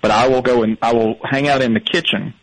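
Male caller, relaxed and earnest, tells his stories plainly. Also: mid-range voice, a little fast, poor audio. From Southern United States. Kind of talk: casual phone call chat.

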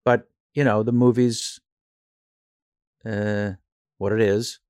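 A man's voice: on the low side, flat delivery, takes it slowly, darkish tone, clear, resonant tone, no room sound. Rambling male actor in a dry room. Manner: rambling, self-deprecating storyteller. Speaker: actor and impressionist guest. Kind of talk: casual interview chat.

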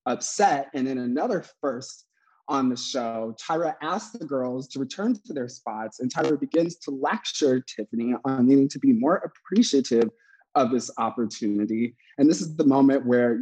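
Uomo chiacchierone che racconta e ride. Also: male voice, medium pitch, darkish tone, poor audio. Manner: chatty storyteller, laughs often. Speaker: podcast host, drag performer. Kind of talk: casual chat recapping a TV show.

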